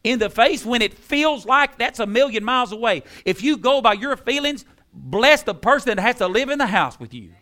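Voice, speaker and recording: A man preaching a sermon, repeating key phrases with emphasis and dropping into soft tones. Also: extremely high pitch, big pitch swings, moderate pace, few pauses. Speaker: pastor.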